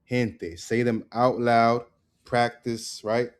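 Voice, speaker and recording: A man teaching a casual online language lesson. He drills words slowly and keeps checking in with "right?" and "okay?". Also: medium pitch, darkish tone.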